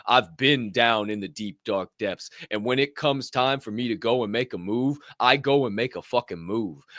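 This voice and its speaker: A man's voice: mid-range voice, fairly bright tone, dry recording, studio quality. A man hosting a podcast, delivering a fiery, profane motivational monologue in reaction to a clip. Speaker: podcast host.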